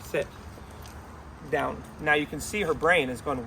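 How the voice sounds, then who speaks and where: Male dog trainer, slightly high-pitched, recorded outdoors with steady background noise. Mixes upbeat praise with calm, instructive explanation. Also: a little slow, vocal fry, pauses often.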